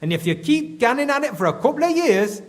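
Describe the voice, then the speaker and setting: A grumbling Geordie mine foreman, blunt and thick with dialect slang. His voice sits high and swings widely as he complains. It rings with a long hall-like reverb. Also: big pitch swings, fast talker. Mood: gruff. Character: gruff middle-aged male mine foreman, grumbling and suspicious.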